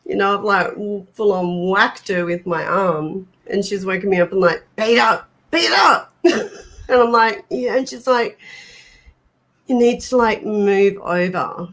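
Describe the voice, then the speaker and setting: A woman's voice: mid-range voice, unhurried. An Australian woman chatting casually on a livestream, laughing often and trailing off mid-thought. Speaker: livestream co-host. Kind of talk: casual chat. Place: home.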